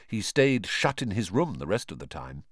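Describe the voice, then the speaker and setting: Expressive male storybook narrator. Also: fairly low pitch, moderate pace, no room sound, clean studio sound. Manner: expressive, lively reading. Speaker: audiobook narrator.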